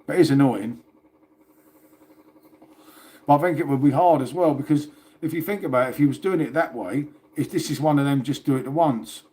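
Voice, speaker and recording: A man's voice: mid-range voice, brisk, pauses often, mellow. A man hosting a casual livestream, chatting and rambling to viewers and swearing now and then. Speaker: livestream host.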